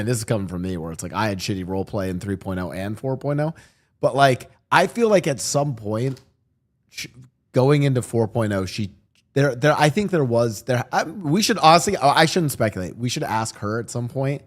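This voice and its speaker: A man hosting a casual chat, animated and quick to laugh, stammering as he starts his points. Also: medium pitch.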